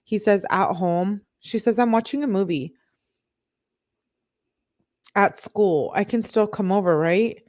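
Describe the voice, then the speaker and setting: A woman who hosts a true crime channel, reading text messages aloud on a live stream. She reads the quoted messages in a flat way and breaks off to talk with her chat. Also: medium pitch, slow, long pauses.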